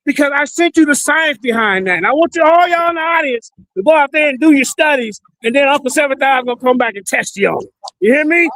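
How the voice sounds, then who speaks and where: Guest: man, strikingly high voice, dry recording, emphatic rants with repeats. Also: lively intonation, fast, dry recording, poor audio. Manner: emphatic, repeats words, shouts out. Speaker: panel guest. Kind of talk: casual preaching-style rant.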